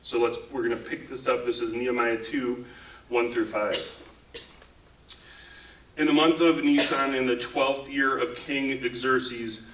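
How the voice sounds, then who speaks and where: Bright-voiced man preaching in an echoey room. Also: mid-range voice, steady tone, unhurried, long pauses, recorded from a distance, a little hiss or hum. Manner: casual, talks with frequent "like" fillers. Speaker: pastor. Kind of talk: conversational sermon. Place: church. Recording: echoey room, speaker away from mic.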